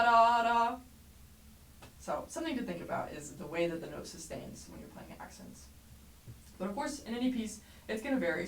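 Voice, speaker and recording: A woman teaching a trumpet lesson, explaining clearly and encouragingly, sometimes singing rhythms aloud. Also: lowish voice. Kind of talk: music lesson tutorial. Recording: roomy echo, mic at a distance, faint background noise.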